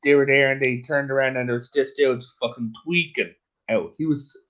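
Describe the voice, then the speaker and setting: A man's voice: medium pitch, fairly even intonation, moderate pace, fairly bright tone. Man, casual storyteller, foul-mouthed and jokey, lo-fi audio. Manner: profane, jokey, acts out voices in anecdotes.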